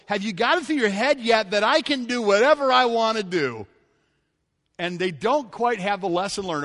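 Animated preacher in a reverberant hall. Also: male voice, high-pitched. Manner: animated, swings between loud and hushed, laughs often. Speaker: pastor. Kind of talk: sermon.

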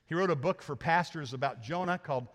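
A male pastor delivers a sermon with an animated, joking style. He acts out the characters in the story and teases the congregation as he goes. His voice sits a bit high, and the sanctuary's long reverb trails after his words. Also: brisk. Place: church sanctuary. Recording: hall reverb.

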